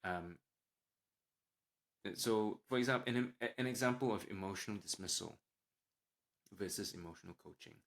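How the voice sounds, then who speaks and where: A man with a somewhat low voice talks through parenting advice on his own podcast. His delivery is calm and explanatory. When he gives examples of what a parent might say, he turns livelier. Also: normal speed, creaky, pauses often. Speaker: podcast host, parenting doctor.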